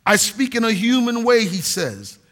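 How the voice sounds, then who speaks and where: A man's voice: very high voice, big pitch swings, normal speed, fairly bright tone. A middle-aged man, a pastor, preaching a sermon in an earnest, emphatic way with a few restarts.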